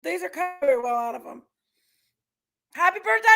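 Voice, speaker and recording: A chatty woman hosts a casual livestream, greeting viewers by name and laughing easily. Her voice sits high and bright in pitch. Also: animated, moderate pace, vocal fry. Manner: chatty, reads viewer names aloud and laughs often. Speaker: livestream host.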